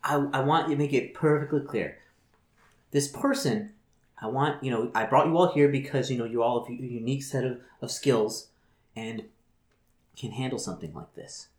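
A man's voice: medium pitch, normal speed, lightly acted. A man voicing a foul-mouthed, scheming woman city official, stammering and repeating words in a roomy, echoey recording. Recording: roomy echo.

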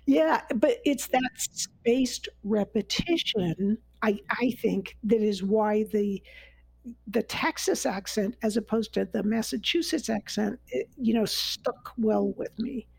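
An American woman, a neuroscience guest expert, chats about how learning works in a conversational explanation, rambling with lots of restarts and fillers. Her voice sits on the high side and is gravelly and darkish with a breathy edge, and she takes it slowly. The recording is dry and low quality.

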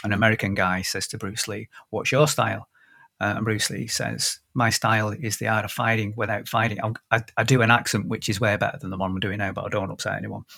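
A man in his fifties hosts a casual podcast, speaking at a quick pace in a fairly low, creaky voice. He tells his stories animatedly, with frequent restarts.

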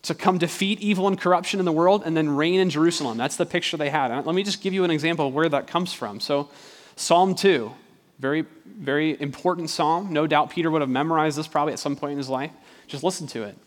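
A man preaching a sermon in a conversational way, repeating words as he talks and slowing down to read scripture aloud. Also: a little high. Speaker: pastor. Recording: long hall reverb.

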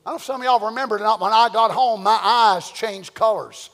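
An older man preaching a sermon, swinging between loud shouting and quiet storytelling. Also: sits high, fast talker, gravelly, in a large hall. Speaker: pastor.

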